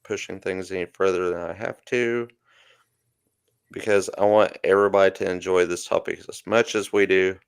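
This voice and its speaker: A man's voice: sits low, fairly even intonation, moderate pace, creaky, clear, resonant tone, dry recording, studio quality. A man co-hosting a casual livestream podcast, chatty and jokey, often trailing off mid-thought. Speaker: podcast co-host.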